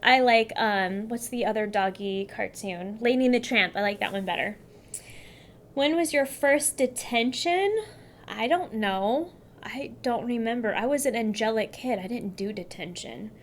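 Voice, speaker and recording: A woman's voice: a little high, unhurried, a little hiss or hum. Chatty woman vlogging. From California. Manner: chatty, upbeat, addresses viewers directly. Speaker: beauty vlogger. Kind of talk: casual chat to camera.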